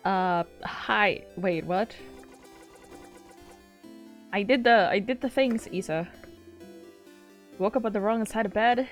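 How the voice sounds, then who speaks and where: Woman game streamer, casual commentary, swears and laughs a lot, hushed when reading story text, faint music behind. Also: medium pitch, slow pace, pauses often. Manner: excitable, swears freely, laughs often.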